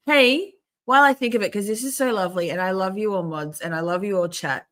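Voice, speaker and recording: A middle-aged woman hosting a casual livestream, chatty and swearing, often clearing her throat and restarting. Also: medium pitch, fast talker, few pauses, fairly bright tone. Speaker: livestream host.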